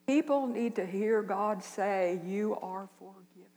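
An older woman preaching a sermon, speaking slowly and earnestly with long pauses. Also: mid-range voice, a little mellow, in a large hall. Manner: slow, earnest, with dramatic pauses. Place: church.

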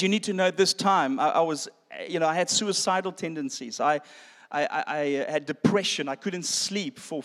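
A man giving a sermon testimony, telling his story with self-deprecating humor and calling his listeners friends. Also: sits high. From South Africa. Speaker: preacher. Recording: long hall reverb.

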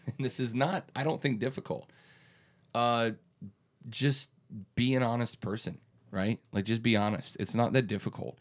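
A radio morning show host in his thirties, with a voice on the low side, speaks earnestly and emphatically in a conversational interview, frequently restarting his sentences.

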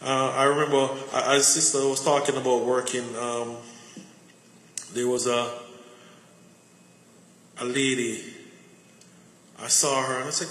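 A man's voice: medium pitch, flat delivery, measured pace, pauses often, a bit bright. A man preaching a conversational sermon full of personal stories, often repeating words as he searches for them. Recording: echoey hall with faint noise.

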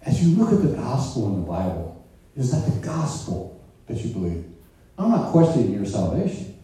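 A man preaching a sermon, animated and conversational, asking the congregation questions and joking along the way. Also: mid-range voice, moderate pace. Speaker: pastor. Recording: roomy echo, distant mic.

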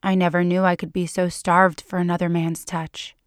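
A woman reading fiction aloud in a soft, hushed, unhurried way that sometimes drops to a whisper. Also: lowish voice, level tone, clean tone, no room sound, studio quality. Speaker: audiobook reader.

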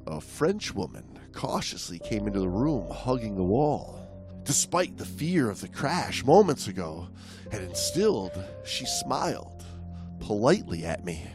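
Animated man telling a comic story. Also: mid-range voice, measured pace, music in the background. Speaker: podcast co-host. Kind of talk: comedic storytelling.

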